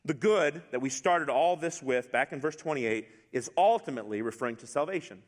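A middle-aged man preaching a sermon to a congregation, storytelling in a relaxed, conversational way with asides. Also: fairly high pitch, fairly quick. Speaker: pastor. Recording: long hall reverb.

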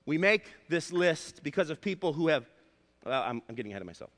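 A male pastor preaching a sermon, emphatic and repeating his key points, slowing down to stress words. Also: a little high, very animated, fairly bright tone. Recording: long hall reverb.

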